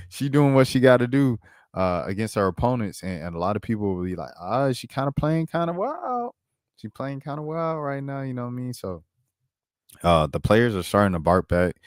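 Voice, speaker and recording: A man's smooth voice sits on the low side, recorded dry at studio quality. He's a laid-back, slangy sports commentary host on a casual basketball stream who says "bro" and "dog" often and pulls up clips as he goes.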